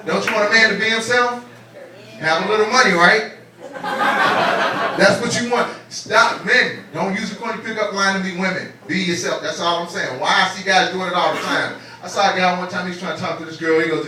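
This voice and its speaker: A man's voice: high-pitched, fairly quick. A man doing a stand-up comedy set on a club stage, profane and streetwise, firing rhetorical questions at the audience. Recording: echoey club from far off, crowd laughter. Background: audience laughing.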